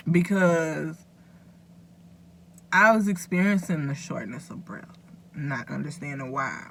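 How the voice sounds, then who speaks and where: In this casual direct-to-camera talk, a woman vlogger with a deep, creaky voice speaks earnestly to her viewers, rambling a little as she offers advice. There is slight background noise.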